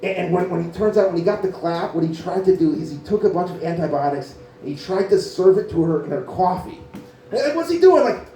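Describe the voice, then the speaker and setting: A man's voice: high voice, animated, a little fast, dark tone. A man doing a rambling, profane stand-up comedy set in a small cafe venue, full of filler words. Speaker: stand-up comic. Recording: echoey room, mic from far off.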